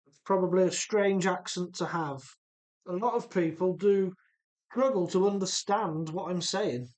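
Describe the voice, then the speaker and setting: A male livestream host with a blended English Midlands and Welsh accent chats easily while rebuilding an RC car, reading viewer comments aloud. His voice is high with a darkish tone.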